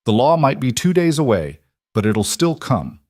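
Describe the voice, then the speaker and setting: A man voicing a bold young city wife who speaks clearly and firmly, in an audiobook western. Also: mid-range voice, very animated, moderate pace, a little mellow, dry recording, clean studio sound, pitched above the performer's own voice. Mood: defiant. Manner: clear, firm. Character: bold young city woman, defiant newlywed.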